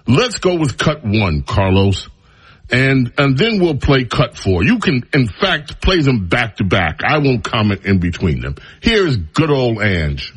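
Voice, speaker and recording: Drawling, lively male talk radio host. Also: mid-range voice, a little slow, breathy edge. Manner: mocking, drawling, animated. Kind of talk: opinionated talk radio monologue.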